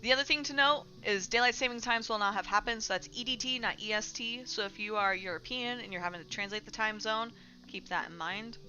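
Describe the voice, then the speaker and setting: A woman's voice: medium pitch, brisk, sharp tone, dull audio. A woman streamer hosting a casual livestream and chatting bluntly with her chat, swearing freely as she goes. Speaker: streamer host.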